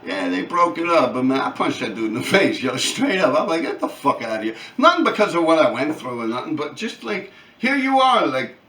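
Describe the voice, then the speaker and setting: A man, telling profane, animated street stories on his own channel. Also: on the high side, fairly quick, few pauses, recorded from a distance. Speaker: channel host. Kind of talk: casual storytelling. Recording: echoey room, off-mic.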